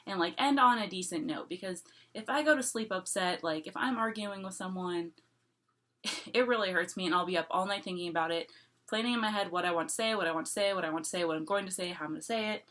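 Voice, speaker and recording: Bright-voiced woman ranting casually to camera. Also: lowish voice, quick pace. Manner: chatty, repeats herself, frequent "like", laughs between thoughts. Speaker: vlogger. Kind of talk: casual rambling rant to camera.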